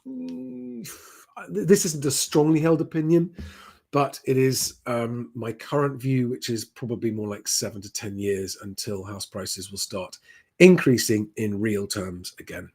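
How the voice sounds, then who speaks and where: A man hosting a live stream, answering viewer questions in a relaxed, conversational way with frequent "um" fillers. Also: mid-range voice, unhurried, gravelly, breathy edge.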